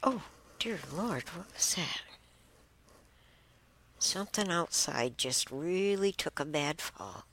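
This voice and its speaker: A woman with a fairly low, slightly bright, expressive voice reads posts aloud haltingly and comments on them casually. She's emotional and exclamatory, sighing and stumbling over her laptop.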